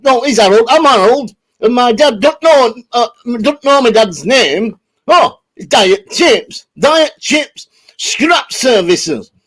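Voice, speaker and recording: A grumpy old English rag-and-bone man who shouts and stretches every word out, as a man puts him on. The voice sits high and sounds husky, like a rough comic sketch. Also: exaggerated voice. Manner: loud, drawn-out, shouty delivery.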